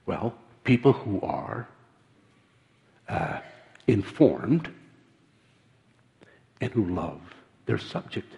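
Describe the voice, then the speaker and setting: An older man preaching with earnest, halting delivery, stumbling over repeated words. His voice rings out in a long hall reverb, and the recording sounds dull and muffled. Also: fairly low pitch, sing-song, creaky, dark tone. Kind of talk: sermon.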